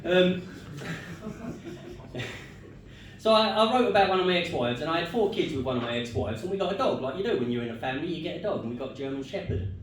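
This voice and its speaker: Guy doing stand-up, dry storytelling, slightly high voice, really echoey club with faint room hum. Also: quick pace, far from the mic. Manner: deadpan storytelling, laughing at own punchlines. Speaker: stand-up comedian. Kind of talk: stand-up set with crowd work. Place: comedy club stage.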